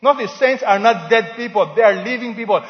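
A man's voice: high-pitched, fairly quick. A man preaching a sermon as pastor, asking the congregation questions and having them answer back. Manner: call-and-response preaching, asks the congregation questions. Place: church hall. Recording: dull lo-fi recording in a reverberant church hall.

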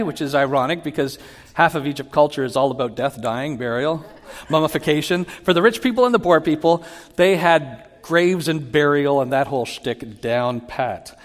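A man giving a sermon as a pastor, teaching in an animated way and acting out Bible quotes with rising emphasis. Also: fairly high pitch, moderate pace. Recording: long hall reverb.

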